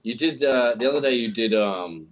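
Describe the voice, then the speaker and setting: On a call, a male podcast co-host chats casually, rambling, swearing a lot and teasing his co-host. His medium-pitched voice has lively intonation and a moderate pace. He's on a headphone mic, so the highs are cut off, with slight background noise.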